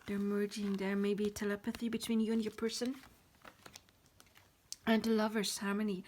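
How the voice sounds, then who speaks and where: A woman with a mid-range voice leads a pick-a-card tarot reading in a loose, rambling way. She apologizes often as she talks through spiritual themes, and she sometimes sinks into a soft whisper. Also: medium pitch. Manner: drops to a whisper now and then.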